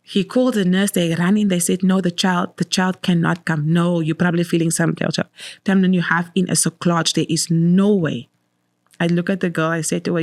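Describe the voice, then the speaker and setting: A woman's voice: on the low side, level tone, fairly quick, a little mellow, no echo, clean studio sound. A woman in her thirties, a guest telling her personal story with emotion and repeating words for emphasis.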